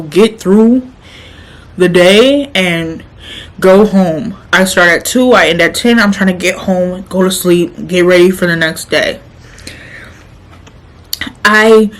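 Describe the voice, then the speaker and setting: Animated young woman telling a story. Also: mid-range voice, poor audio. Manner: animated, laughs often while telling the story. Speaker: vlogger. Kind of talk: casual storytelling mukbang.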